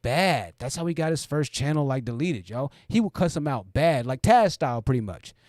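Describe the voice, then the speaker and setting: A man's voice: mid-range voice, animated, normal speed, darkish tone, no room sound, studio quality. A man hosting a casual commentary stream, reacting to a video and chatting loosely with viewers, full of "like" and "you know.". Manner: rambling, filler-heavy, addresses viewers directly.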